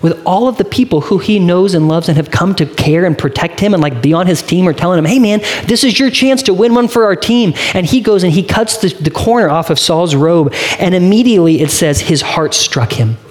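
Earnest male pastor, slightly high voice. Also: brisk, hardly any pauses, a little mellow. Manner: earnest, conversational preaching with direct questions to the congregation. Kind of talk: sermon.

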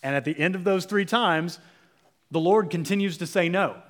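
A man's voice: high voice, moderate pace. A conversational preacher, a man. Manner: conversational storytelling, dropping to a hush for emphasis. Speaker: pastor. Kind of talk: sermon.

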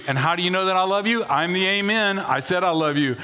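A man preaching a sermon as pastor, animated, dropping to a hush and rising loud, asking the congregation questions. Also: high voice, fairly quick. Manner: animated, swings from hushed to loud.

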